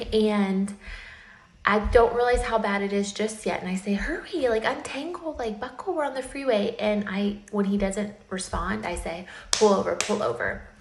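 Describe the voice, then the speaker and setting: An earnest woman in her thirties tells a personal story straight to camera. She talks in a mid-pitched, heartfelt, chatty way with plenty of fillers. The room adds a noticeable echo. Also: creaky. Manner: earnest, tearful at times, uses many fillers. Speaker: parent sharing a safety warning.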